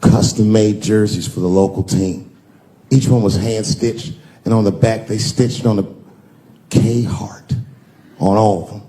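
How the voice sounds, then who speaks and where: A man's voice: lowish voice, fairly even intonation, unhurried, mellow. A male stand-up comedian telling profane stories and acting out the voices. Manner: profane, storytelling delivery with acted-out voices.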